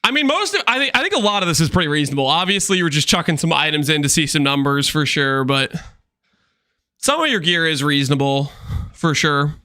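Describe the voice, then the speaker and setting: A man streaming a game, chatting with viewers in an animated, teasing way with quick asides. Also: a little high. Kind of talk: livestream chat with viewers.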